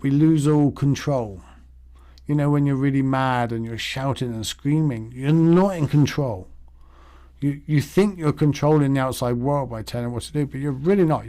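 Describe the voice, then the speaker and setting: A man's voice: medium pitch, darkish tone. A man teaching meditation in a casual, rambling way, acting out the thoughts in his head. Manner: rambling and conversational, acts out inner thoughts.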